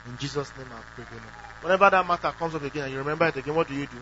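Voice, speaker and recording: A man's voice: a little high, rapid-fire, hardly any pauses. A man preaching a sermon who asks the congregation questions and acts out quoted prayers. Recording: dull lo-fi recording with faint hum.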